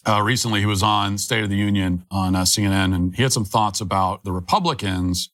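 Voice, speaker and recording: A man commentator heard in a played clip, with a fairly low voice. He talks sardonically, and the recording is dry and close. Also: fairly even intonation, brisk, a bit bright, no room sound. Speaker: political commentator.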